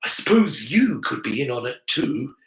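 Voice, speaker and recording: A man's voice: mid-range voice, sing-song, moderate pace, vocal fry, a bit bright, reverberant, poor audio. A man voicing an earnest, analytical boy wizard who explains things in a lecturing way. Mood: explaining.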